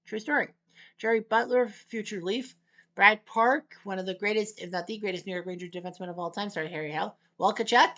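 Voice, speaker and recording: A woman giving casual, rambling gameplay commentary, packed with asides and the odd shouted taunt. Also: medium pitch, steady tone, fairly quick. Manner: chatty, rambling asides full of trivia.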